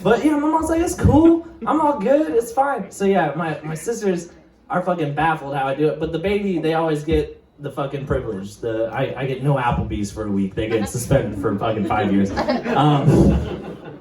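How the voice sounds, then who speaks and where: A man's voice: mid-range voice, expressive, moderate pace, recorded from a distance. A young man doing a stand-up set, rambling and profane, laughing at his own stories. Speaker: stand-up comedian. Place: comedy club stage. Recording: roomy stage mic, heard from afar, audience. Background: crowd laughing.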